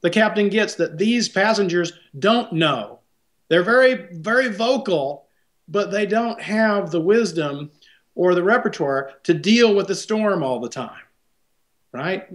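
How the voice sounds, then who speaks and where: A man's voice: high-pitched, animated, a little slow. A man, a psychologist guest, explaining ideas thoughtfully in an interview and often checking in with a tag question.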